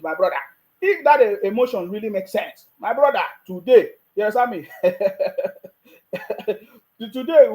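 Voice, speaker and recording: A man's voice: high voice, a little mellow, rough recording. A man with a Nigerian accent giving a mocking, scolding political rant with frequent restarts. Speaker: political commentator. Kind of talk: ranting video commentary.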